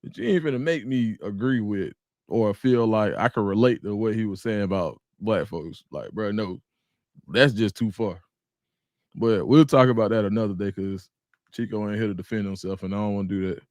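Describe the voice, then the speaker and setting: A man's voice: fairly low pitch, moderate pace, darkish tone, dry recording, clean studio sound. A man hosting a casual livestream at home, talking loosely and straight to his viewers and greeting the chat by name. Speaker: livestream host.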